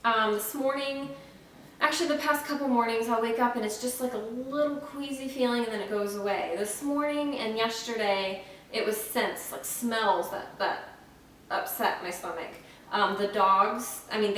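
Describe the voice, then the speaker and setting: A woman's voice: mid-range voice, moderate pace, a bit bright, far from the mic. Chatty young woman in an echoey room. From Florida. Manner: chatty, frank, many ums and restarts. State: dry mouth, short of breath. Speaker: vlogger. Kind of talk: casual pregnancy update vlog. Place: at home, indoors. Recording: very echoey room, faint noise, off-mic.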